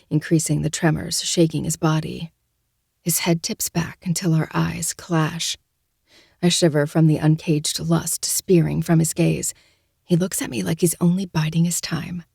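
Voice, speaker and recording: Low, husky woman narrating a romance audiobook. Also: mellow, no echo, studio quality.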